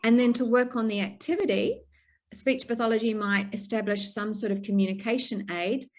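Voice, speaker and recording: A woman's voice: a little high, moderate pace. A middle-aged woman from New Zealand, a speech pathologist, giving an online talk to a stroke support group in a plain, practical way with fillers and restarts, over a video call.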